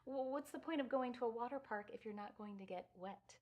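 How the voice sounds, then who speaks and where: An actress playing a chirpy, folksy middle-aged wife in a video game. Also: female voice, fairly high pitch, a little fast, darkish tone, highs cut off, lightly acted. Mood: amused. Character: cheerful middle-aged wife sharing a husband.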